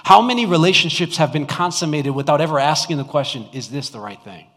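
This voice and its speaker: A male pastor preaching a sermon in a church, talking conversationally with the congregation and swinging between loud mock-shouting and hushed earnest lines. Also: a little high, animated, fast. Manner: conversational, asks the congregation questions. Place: church sanctuary. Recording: long hall reverb.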